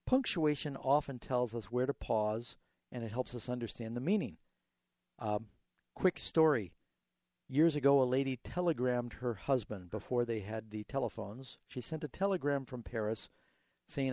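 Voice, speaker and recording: Mellow-voiced radio pastor answering callers. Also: male voice, medium pitch, moderate pace, no room sound. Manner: explanatory, tells illustrative stories, animated emphasis. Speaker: radio Bible show host, pastor. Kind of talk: call-in radio Bible answers.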